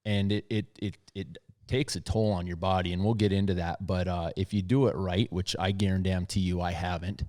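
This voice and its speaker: Male podcast host, thirties, deep and soft-spoken, loose conversational restarts. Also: fairly even intonation, normal speed. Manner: low, soft-spoken radio voice, rambling restarts. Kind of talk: casual chat. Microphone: studio podcast mic.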